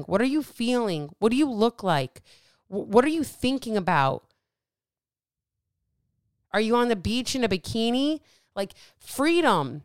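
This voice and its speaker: A woman hosting a podcast alone from a small dark office, asking repeated rhetorical questions in a fired-up motivational monologue. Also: on the high side, clean tone, no echo, studio quality. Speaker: podcast host.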